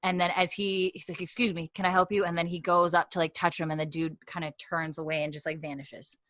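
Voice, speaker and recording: Bright, chatty woman retelling a show. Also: deep voice, flat delivery, brisk, dry recording. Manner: chatty retelling, acting out characters' lines. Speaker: podcast co-host recapping an episode. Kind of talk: casual podcast chat.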